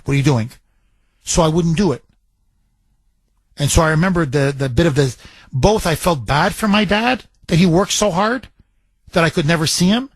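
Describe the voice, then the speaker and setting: A man's voice: a little high, dry recording. A middle-aged man from Canada hosting a talk radio show, telling a personal story with emotion and emphatic indignation.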